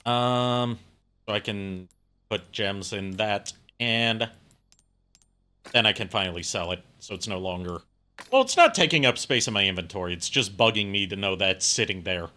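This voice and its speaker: Bright-voiced man streaming a game. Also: fairly low pitch, expressive, normal speed. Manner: chatty, rambling explanations with fillers. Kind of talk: casual gameplay commentary.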